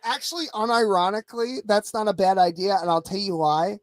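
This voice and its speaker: A man's voice: high-pitched, a little fast. A man, co-hosting a casual online show, rambling and swearing with frequent restarts. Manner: rambling, profane, restarts often. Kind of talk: casual profane banter.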